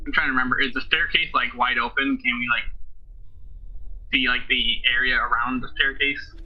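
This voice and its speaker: A man's voice: mid-range voice, steady tone, moderate pace. A man playing a tabletop game, thinking aloud and asking questions with many fillers. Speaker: player. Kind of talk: casual tabletop game play. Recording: dull lo-fi audio.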